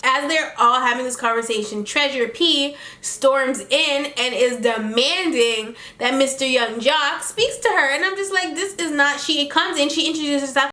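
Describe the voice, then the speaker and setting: A sassy woman dishes gossip as she recaps a reality show for her viewers. Her voice is bright and a little high, and it rings in an echoey room. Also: measured pace. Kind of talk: casual chatty recap.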